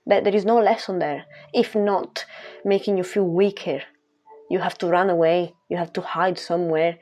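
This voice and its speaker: A woman's voice: mid-range voice, darkish tone. A woman speaking as a spiritual coach in a casual monologue, emphatic and repetitive, laughing between phrases.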